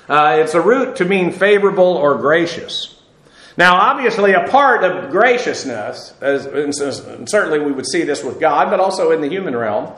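A man teaching a Bible lesson in sermon style, explaining Greek words slowly with many filler sounds. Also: a little high, fairly bright tone. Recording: echoey room sound.

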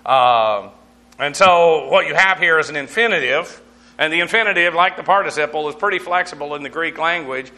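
A man leads a verse-by-verse Bible lesson in a conversational teaching manner. His voice is bright and sits a little high for a man. He breaks down Greek terms and spells them letter by letter, with frequent fillers along the way. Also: brisk.

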